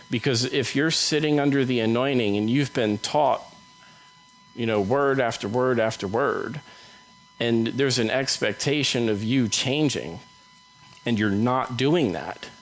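A man delivering a sermon in a relaxed, conversational manner, at an ordinary middle pitch. He talks the scripture through plainly and briefly voices the people in it. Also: rough recording. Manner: conversational, acts out Bible dialogue in quick voices. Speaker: preacher.

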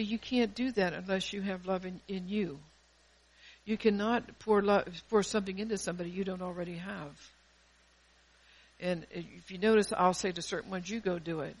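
Fervent woman preaching, loud then soft. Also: on the low side, poor audio. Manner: fervent preaching that swells loud and drops soft, with many restarts. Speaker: pastor. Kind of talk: sermon.

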